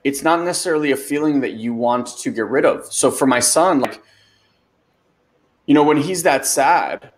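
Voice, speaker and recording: A man's voice: medium pitch, moderate pace. A man hosting a webinar, talking loosely as a life coach and answering a listener's question, with lots of "like" and "you know". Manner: loose, conversational, many fillers like "like" and "you know".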